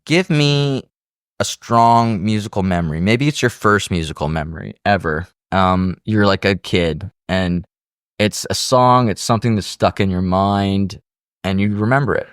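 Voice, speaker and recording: A man hosting a podcast interview, telling animated stories and acting out other people's voices in casual chat. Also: fairly low pitch, moderate pace, smooth, no echo, studio quality. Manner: animated storyteller who acts out voices. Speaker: podcast host.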